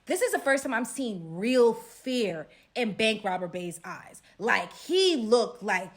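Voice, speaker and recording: A young woman from Brooklyn, New York, with a Brooklyn accent, tells a casual storytime in a fairly high voice. She takes it slowly and speaks animatedly, dropping to hushed tones for suspense.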